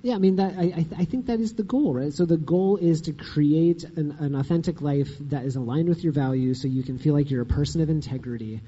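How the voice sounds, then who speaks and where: A man being interviewed as an author, explaining his ideas in an earnest, lively way. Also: a little high, fairly quick, hardly any pauses, breathy edge. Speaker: guest author. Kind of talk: casual conversational interview. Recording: dull sound with long reverb.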